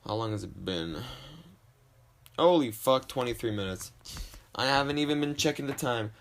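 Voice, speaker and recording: A young man with a slight lisp and a lowish voice talks alone into a desk mic. He rambles from topic to topic, swears freely and keeps cutting himself down in a casual solo podcast. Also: animated, fairly quick, gravelly, a bit bright, slight background noise. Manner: rambling, profane, self-deprecating. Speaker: podcast host. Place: home desk.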